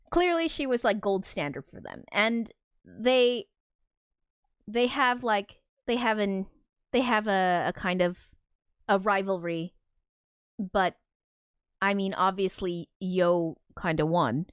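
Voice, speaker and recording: A woman's voice: fairly low pitch, clear, resonant tone, no echo. A woman streaming live from a home studio, rambling casually with many fillers and restarts as she talks about film and music. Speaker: streamer discussing her film score. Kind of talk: casual livestream talk.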